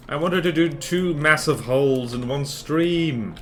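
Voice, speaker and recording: A man's voice: medium pitch, animated, moderate pace, hardly any pauses, a bit bright, faint music behind. A man streaming a game, chatting casually in a rambling, playful, self-mocking way. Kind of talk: casual livestream chatter while building in a game.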